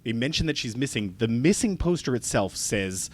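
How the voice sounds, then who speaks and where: A man co-hosting a casual podcast chat, animated and laughing often. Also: medium pitch, normal speed. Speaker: podcast co-host.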